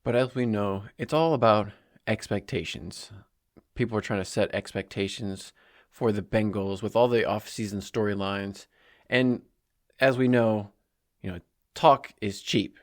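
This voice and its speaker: A man hosting a sports podcast, talking through a game in a casual, animated way with asides. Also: lowish voice, a little slow. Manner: conversational, animated, with asides and small laughs. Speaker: podcast host.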